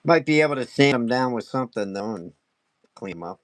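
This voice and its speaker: A fast, excitable man talks through a wood carving lesson in a relaxed live-stream chat, laughing often as he goes. His voice sits at an ordinary middle pitch, and the sound is close and dry with no room echo.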